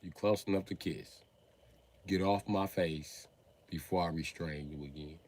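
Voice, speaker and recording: A man's voice: sits low, a little slow, a little mellow. A man doing a profane, mocking comedy rant on a live stream, often laughing as he talks.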